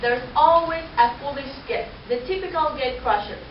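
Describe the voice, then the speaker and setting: High-voiced woman telling jokes from afar. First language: Spanish. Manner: hesitant, with pauses and fillers. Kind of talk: stand-up joke telling in a class. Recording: echoey room, far mic, dull sound, noisy.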